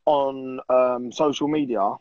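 A man's voice: mid-range voice, fairly even intonation, takes it slowly, a little mellow, no room sound. A man talking casually as a podcast guest, laid-back, slangy and sweary, on a dull, dry recording.

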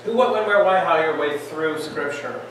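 A man teaching a Bible class, lively and joking, firing off questions at his students. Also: on the high side, normal speed. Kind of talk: classroom lecture. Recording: echoey room, distant mic, faint hiss.

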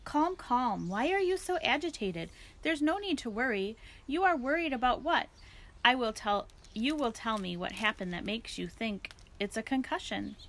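A woman voicing an eccentric elderly woman philosopher who talks in a formal, digressive, unhurried way. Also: on the high side, expressive, fairly bright tone. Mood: musing.

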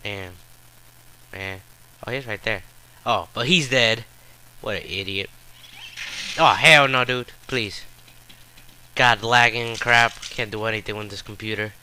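A man's voice: on the low side, measured pace, long pauses, bright, forceful tone, a little hiss or hum. A man giving live gameplay commentary, frustrated and trash-talking with profane outbursts.

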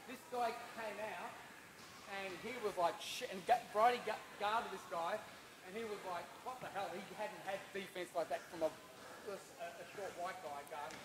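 An Australian man chatting casually and telling a quick anecdote during a basketball clinic. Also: sits high. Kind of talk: casual storytelling. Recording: roomy gym with clear background noise.

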